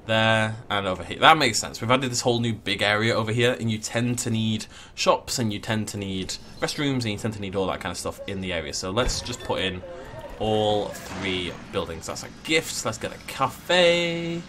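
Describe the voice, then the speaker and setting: Male let's player, casual, jokey, theatrical swings in pitch. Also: lively intonation, normal speed, pushed and bright, a little hiss or hum. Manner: playful, jokey, mock-dramatic. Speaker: gameplay commentator. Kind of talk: casual let's play commentary.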